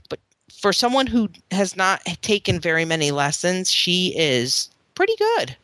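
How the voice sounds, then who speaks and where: A woman's voice: on the low side, sing-song, a little slow, fairly bright tone, dry recording. A woman in her thirties, a mother, chatting casually on a podcast and often laughing as she tells stories about her kids. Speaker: podcast host; mother of children in therapy. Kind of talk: casual chat.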